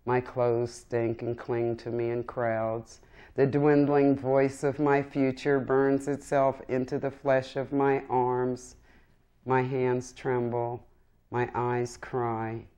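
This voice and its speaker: Slow, deep-voiced woman poet reciting. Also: darkish tone. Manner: slow, solemn, impassioned recitation. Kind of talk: poetry reading.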